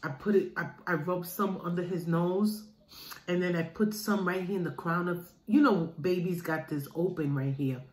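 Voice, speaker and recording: Chatty middle-aged woman vlogger, low voice, unhurried, recorded in an echoey room. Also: darkish tone. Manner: chatty, calls viewers "guys". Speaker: mukbang vlogger. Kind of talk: casual chat to viewers while eating. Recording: roomy room with faint noise.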